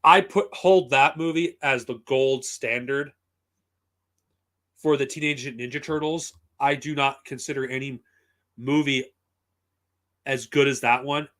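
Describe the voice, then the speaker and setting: A man's voice: mid-range voice, fairly even intonation, a little slow, long pauses, fairly bright tone. A man talking casually on a live stream, blunt and profane, rambling with frequent restarts. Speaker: streamer reviewing comics and films.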